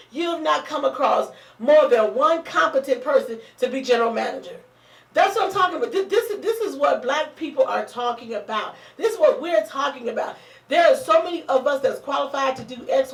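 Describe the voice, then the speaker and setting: A woman hosting a casual chat show, hoarse and blunt, talking in a fired-up, profane way. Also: high-pitched. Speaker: talk show host. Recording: roomy, distant mic.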